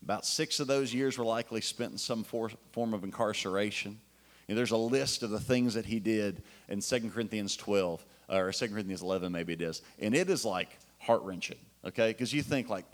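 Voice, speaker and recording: Male pastor, low-pitched, chatty enthusiastic sermon delivery. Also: brisk. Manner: casual, enthusiastic preaching with fillers and restarts.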